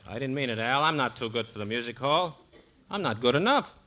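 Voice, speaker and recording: A man's voice: mid-range voice, lively intonation, a little fast, pushed and bright. A man playing the pianist sidekick in a 1940s radio comedy, wry and a bit pompous. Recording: dull old radio broadcast.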